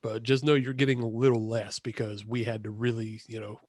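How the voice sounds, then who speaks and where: A man's voice: mid-range voice, flat delivery, fairly quick, a little mellow, no echo, studio quality. A man co-hosting a podcast, chatting casually over a video call, rambling and correcting himself with frequent laughs. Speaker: podcast co-host. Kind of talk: casual chat.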